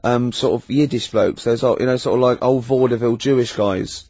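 A man riffs playfully in casual chat. His voice is slightly husky and the sound is dry and close. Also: mid-range voice, fairly even intonation, brisk, a little mellow, no room sound, dull audio. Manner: playful, riffing, often laughing.

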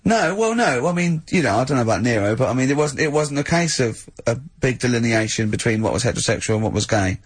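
Man, radio host, husky, dry close sound, animated banter, frequent laughs. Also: medium pitch, fast, hardly any pauses, no room sound. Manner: laughs often, animated storytelling.

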